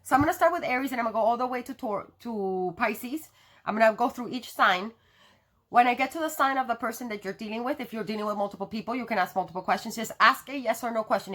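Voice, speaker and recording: A woman's voice: fairly high pitch, fairly bright tone. A woman reading tarot cards to her viewers in a casual, chatty way, laughing often and cursing now and then. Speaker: tarot reader.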